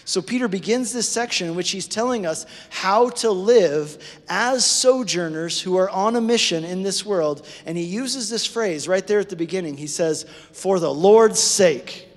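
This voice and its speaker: A man preaching a sermon to his congregation, conversational and animated, often checking in with them. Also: sits high, moderate pace, few pauses. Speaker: pastor. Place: church sanctuary. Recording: preached in a hall with long reverb.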